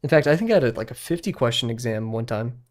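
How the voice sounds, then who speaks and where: A man's voice: mid-range voice, lively intonation, fast talker. Young guy in his 20s rambling on a drawing stream, laid back and self-deprecating, chuckles a lot. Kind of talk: casual stream chat.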